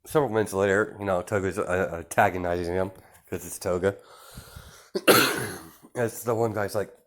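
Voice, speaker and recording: A man's voice: deep voice, fairly even intonation, moderate pace, long pauses, fairly bright tone. A young man improvising a fan fiction story, rambling with many fillers and restarts.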